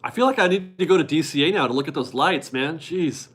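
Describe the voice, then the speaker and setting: A man's voice: a little high, lively intonation, quick pace, a bit bright, slightly rough. A man in his forties hosting a casual live stream from his garage, chatty and upbeat as he reads viewer donations aloud and laughs often. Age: 40s. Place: home garage.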